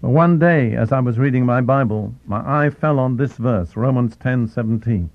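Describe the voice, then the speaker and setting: A man giving a sermon as a Bible teacher, deliberate and slowing down to stress key phrases. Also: medium pitch, dry recording. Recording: tinny phone-like, dry.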